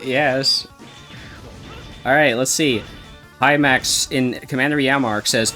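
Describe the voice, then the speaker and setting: A man's voice: medium pitch, expressive, normal speed, bright, forceful tone. A man on a gaming stream, reading game dialogue aloud in a dry voice and laughing between lines, with faint music behind. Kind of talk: casual gaming stream chat.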